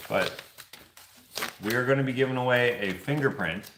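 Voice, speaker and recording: A man's voice: medium pitch, moderate pace, echoey room, background noise. A man hosting a vlog giveaway, chatting in a loose, rambling way and chuckling often. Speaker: vlog host running a giveaway. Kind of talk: casual chat.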